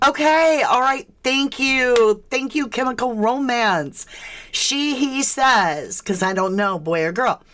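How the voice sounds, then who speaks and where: A woman's voice: on the high side, expressive, slow pace, fairly bright tone, a little hiss or hum. A woman from the States, hosting a casual true crime livestream, chatty and questioning as she greets viewers. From southern United States.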